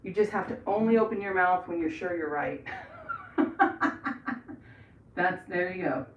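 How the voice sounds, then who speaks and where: A woman's voice: fairly low pitch, measured pace, dull audio. A middle-aged American woman rambling through casual livestream chat and reading out viewers' messages while she paints trim in her bathroom. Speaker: livestream host. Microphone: camera set across the room. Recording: echoey room, voice far from mic, faint noise.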